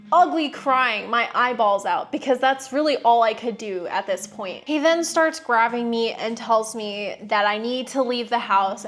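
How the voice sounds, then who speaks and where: A woman's voice: fairly high pitch, fairly bright tone. Sarcastic, frank young woman. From United States. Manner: frank, sarcastic, swears freely. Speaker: vlogger. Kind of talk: candid personal storytelling.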